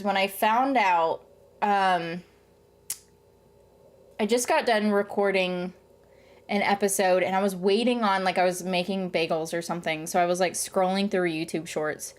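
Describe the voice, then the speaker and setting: A young adult woman chatting casually to camera as a vlogger, rambling with lots of "um" and "like" and retelling things animatedly. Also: mid-range voice.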